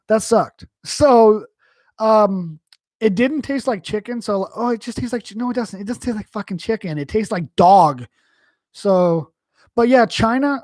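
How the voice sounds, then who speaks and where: A man's voice: sits high, a little mellow, dry recording, studio quality. Profane rambling man from New York. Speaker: livestream host. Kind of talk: casual chat, answering live chat.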